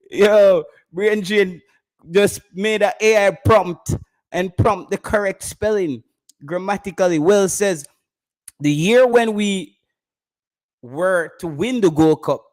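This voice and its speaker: A man's voice: sits high, takes it slowly, pauses often. A man with a Jamaican accent, hosting a casual live stream about football, bantering with his chat and laughing often.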